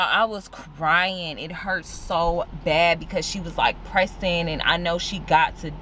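Female vlogger, car interior, low-ish voice, animated gossip tone, post-op soreness, faint background noise. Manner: chatty, animated, calls viewers "y'all" and "girl". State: sore and recovering after surgery. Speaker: beauty vlogger. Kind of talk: casual vlog chat to camera. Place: inside a parked car.

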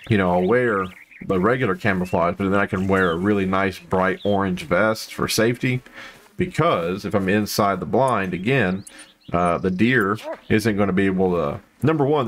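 A man giving casual, rambling commentary while playing a hunting video game, full of fillers and sudden excited outbursts. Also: deep voice, slight background noise. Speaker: gameplay commentator.

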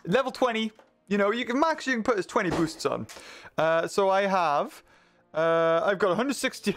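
A man with a high, bouncy voice that leaps all over the place chats excitedly through his gameplay, laughing often. He talks from his home desk into a microphone run through a mixer. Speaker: gaming video creator. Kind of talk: casual let's-play commentary.

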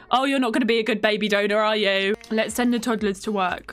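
A woman's voice: a little high, fairly even intonation, fairly quick, few pauses, a bit bright. A woman streaming a game, talking casually, laughing often and bursting into dramatic exclamations. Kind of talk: casual live-stream gameplay commentary.

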